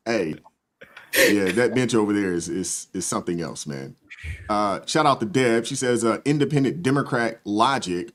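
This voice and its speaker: A man hosting a live stream, casually reading viewer comments aloud and chatting in a relaxed, agreeable way. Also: lowish voice, normal speed. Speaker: host.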